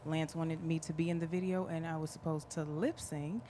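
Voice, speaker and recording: A woman singer in a vocal trio, telling in a relaxed way how she joined the group during an interview. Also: low-pitched, a little fast, slight background noise. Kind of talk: live-stream interview chat.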